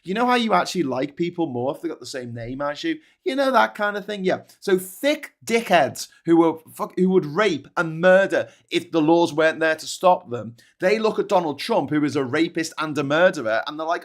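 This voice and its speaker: A man's voice: on the high side, lively intonation, normal speed, hardly any pauses. A middle-aged man with a Scouse accent hosting a livestream, ranting angrily and bluntly with heavy swearing, then reading out viewer comments. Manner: angry, profane, blunt. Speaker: host.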